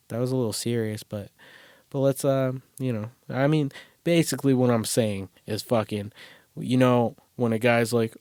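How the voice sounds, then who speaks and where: A man's voice: medium pitch, a little mellow, dry recording, clean studio sound. A man hosting a solo podcast from a closet, talking in a rambling, crude, self-deprecating way and swearing a lot. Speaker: podcast host. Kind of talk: casual solo podcast monologue. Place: small closet.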